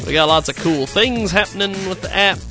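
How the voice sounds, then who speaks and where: Lively high-voiced joking radio host man. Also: a little fast, faint music behind. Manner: animated, jokey, laughs at himself. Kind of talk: rambling comedic radio talk.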